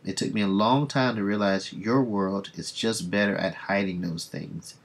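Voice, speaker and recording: A weary mutant brooding on lost faith, read aloud by a man. The voice sits low and gravelly, with a husky edge. The lines come out flat and unhurried, read off the page rather than performed. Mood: somber.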